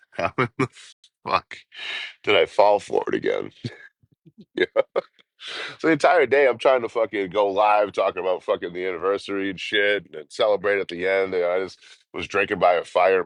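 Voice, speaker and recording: A man's voice: low-pitched, no echo. A man, chatting casually and profanely on a travel live stream, laughing often. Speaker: travel vlogger.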